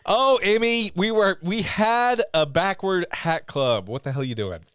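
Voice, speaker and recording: A man co-hosting a live podcast with a joking, animated manner. His pitch swings widely as he talks. The sound is dry and close to the mic. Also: a little slow, no room sound. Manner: joking, animated, swears casually. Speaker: podcast co-host. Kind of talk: casual live-stream chat.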